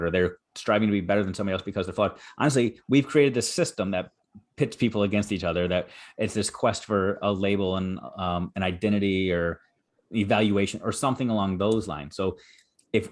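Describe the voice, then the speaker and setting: Earnest, encouraging male podcast host. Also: fairly low pitch. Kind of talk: conversational podcast interview.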